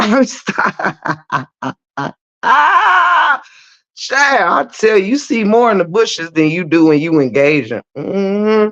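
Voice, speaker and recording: A woman's voice: medium pitch, fairly bright tone, lo-fi sound. A woman hosting a live stream, ranting bluntly and profanely in casual talk. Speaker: livestream host.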